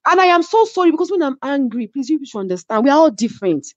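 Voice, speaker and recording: She talks fast in a high, sing-song voice: a reality show cast member with a Nigerian accent, animatedly telling her story in an interview. She stresses her points and keeps asking "do you understand?" over dull lo-fi audio with no echo.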